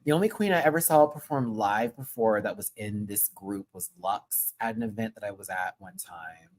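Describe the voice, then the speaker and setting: A man hosting his own channel, chatting casually through a recap of a live show, slangy and gushing, with sudden high excited exclamations. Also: normal speed. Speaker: channel host.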